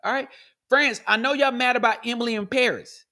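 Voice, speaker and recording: A man hosting a podcast, delivering a comedic monologue with goofy sound effects, jumping from high yelps to low mutters. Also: brisk, pushed and bright. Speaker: podcast host.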